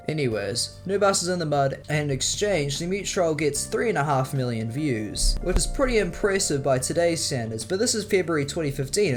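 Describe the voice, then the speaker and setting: Sarcastic, foul-mouthed young male commentator. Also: a little high. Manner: sarcastic and profane. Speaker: video commentator. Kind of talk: scripted commentary narration.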